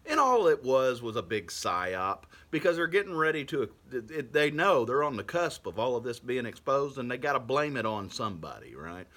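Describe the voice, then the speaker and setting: A man's voice: mid-range voice, sing-song, normal speed, hardly any pauses, fairly bright tone. A man from Texas, rambling to camera in a casual monologue and laughing through his words often. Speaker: vlogger.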